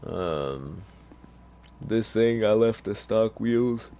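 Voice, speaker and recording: A man's voice: lowish voice, animated, drawn-out words, dark tone. A tired man giving casual, rambling gameplay commentary in an offhand, hesitant way. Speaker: gamer.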